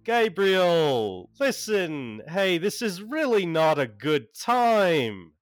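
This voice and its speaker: Man putting on a British accent as a harried con man, exasperated and placating, pitch pushed up. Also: very animated, extremely slow, dry recording, clean studio sound, heavily acted. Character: weary, roguish British occult con man.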